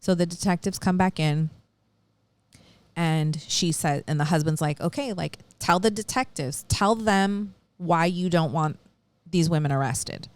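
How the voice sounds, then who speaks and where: A woman with a fairly low voice recounts a true-crime case in easygoing chat, slipping into the voices of the people she quotes. Her delivery is animated and blunt, with casual swearing. The sound is close and dry, with no room around it. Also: unhurried, no room sound. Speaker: podcast co-host.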